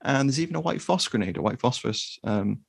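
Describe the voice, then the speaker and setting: A man co-hosting a podcast, talking in a relaxed, thoughtful way with frequent pauses to think. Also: medium pitch, gravelly, slightly rough, dry recording, clean studio sound. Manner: unhurried and thoughtful, with frequent ums. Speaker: podcast co-host. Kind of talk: casual chat.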